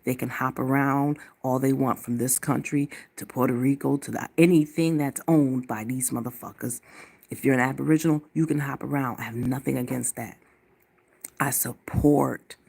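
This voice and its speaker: A woman from the United States delivering a blunt, profane ranting monologue to camera as a vlogger, slowing down to hammer her points. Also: a bass voice, steady tone, gravelly, darkish tone, husky.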